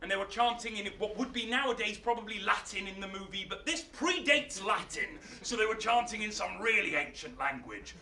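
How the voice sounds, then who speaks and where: A man telling a myth on stage in a playful, animated live storytelling style. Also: sits high, brisk, hardly any pauses, far from the mic, soft background music. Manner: animated, playful, laughing asides. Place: arts centre stage, live show. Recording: roomy hall, mic from afar.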